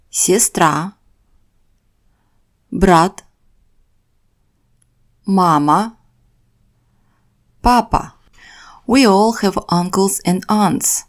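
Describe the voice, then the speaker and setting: Female language teacher; deliberate, drawn-out delivery, mid pitch, repeats each word. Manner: careful, deliberate pronunciation with repeated words. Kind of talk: slow scripted vocabulary lesson.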